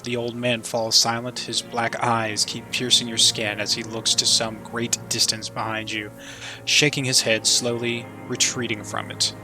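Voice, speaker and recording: A man's voice: mid-range voice, level tone, measured pace, music in the background. A man playing a video game on a let's play, reading the game's narration aloud and voicing every part himself. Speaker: let's player.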